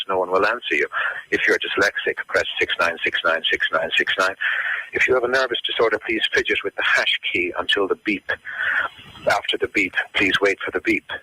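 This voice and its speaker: A man reading a deadpan, calm phone menu as a recorded hotline announcer. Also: sits low, slightly rough, poor audio.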